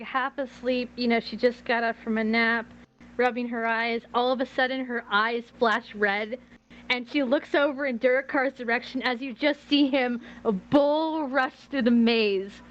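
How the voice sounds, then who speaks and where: Woman game master narrating a tabletop game, lively, lo-fi audio, faint hiss. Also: on the high side, a little slow.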